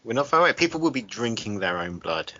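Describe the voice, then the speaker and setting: A man's voice: fairly low pitch, very animated, quick pace, pushed and bright, no room sound, lo-fi sound. A man co-hosting a podcast in casual chat, rambling through far-fetched hypotheticals. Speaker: podcast co-host.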